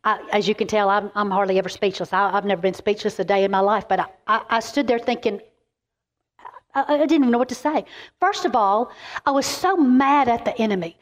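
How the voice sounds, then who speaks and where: A middle-aged woman, giving a keynote as animated, emphatic sermon-style storytelling. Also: fairly high pitch. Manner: animated and emphatic, quick asides. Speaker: keynote speaker. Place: large event venue.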